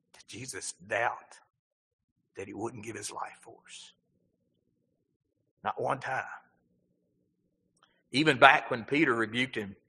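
A man's voice: medium pitch, sharp tone, slightly rough, long reverb tail, rough recording. A male pastor preaching a sermon, asking the congregation rhetorical questions and building emphasis.

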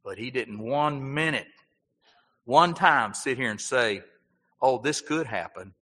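Bright-voiced preacher in a reverberant hall. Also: male voice, medium pitch, animated, slow pace. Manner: preaching with rising emphasis and rhetorical questions. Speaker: pastor. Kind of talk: sermon.

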